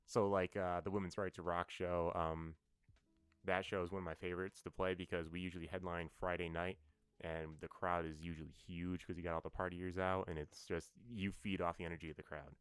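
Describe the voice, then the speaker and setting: A man guesting on a podcast as a band's bassist, telling stories casually with many fillers and restarts. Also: little pitch movement, brisk, clean tone, no room sound. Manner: rambling storyteller, many fillers. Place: New York.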